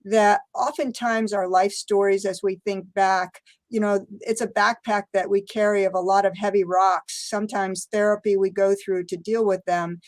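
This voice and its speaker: A woman's voice: mid-range voice, fairly even intonation, normal speed, few pauses. Brief: older American woman, interview guest, reflective storyteller who laughs often, acts out quotes. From United States.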